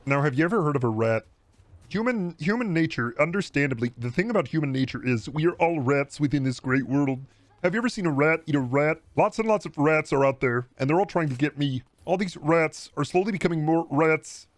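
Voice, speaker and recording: Guy doing a fast pompous lecture guy, dry close sound. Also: fairly high pitch, lively intonation, dry recording, close to an everyday voice. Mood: lecturing. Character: pompous male lecturer rambling nonsense.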